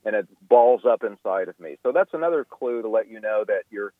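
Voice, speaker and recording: A man's voice: fairly low pitch, animated, brisk, no echo. A man, a guest in a radio interview, explains his ideas at length, often restarting his sentences with fillers. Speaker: guest expert. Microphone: telephone. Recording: tinny phone line.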